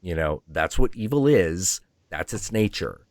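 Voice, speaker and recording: A man's voice: low-pitched, expressive, unhurried, darkish tone, dry recording, studio quality. A man hosting a livestream, ranting heatedly and profanely, acting out imagined dialogue. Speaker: stream host.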